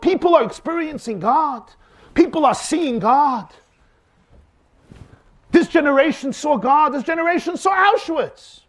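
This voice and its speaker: A man's voice: very high-pitched, expressive, measured pace, pauses often. A man teaching as a rabbi, telling stories and asking rhetorical questions in a dramatic, emphatic way. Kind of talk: lecture on faith with acted-out anecdotes.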